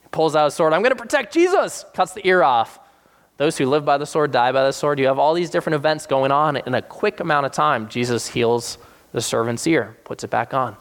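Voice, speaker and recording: A man preaching a sermon, retelling scripture with animated acted-out voices for the people in the story. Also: fairly quick. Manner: animated, acts out quoted characters with sudden high-pitched voices. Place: South Jersey church.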